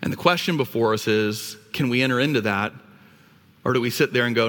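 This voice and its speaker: A man's voice: medium pitch, brisk, bright, forceful tone, big-room sound. A male pastor preaching a sermon, telling stories and putting questions to the listeners. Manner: storytelling, asks the listeners questions.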